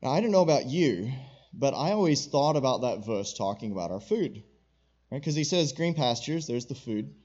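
A man's voice: medium pitch, animated, a little mellow, husky, dull audio. Earnest middle-aged male pastor preaching. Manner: earnest, slows down to stress key phrases, asks the audience questions. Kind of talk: sermon.

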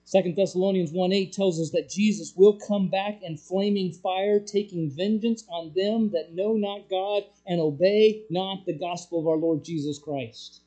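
A preacher delivering a sermon, swinging between loud urgent passages and hushed, low ones. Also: normal speed, hardly any pauses, rough recording.

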